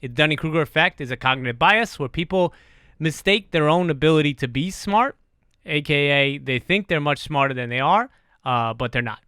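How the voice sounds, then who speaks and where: Animated, profane podcast host man. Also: on the high side, fairly quick, smooth, no echo, studio quality. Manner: animated, profane, self-deprecating. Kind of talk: casual podcast chat.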